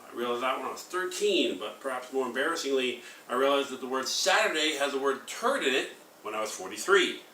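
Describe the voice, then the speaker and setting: A man in his forties rehearsing a stand-up comedy act, delivering deadpan one-liners with frequent filler segues. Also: medium pitch, brisk, echoey room, far from the mic, a little hiss or hum. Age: 40s.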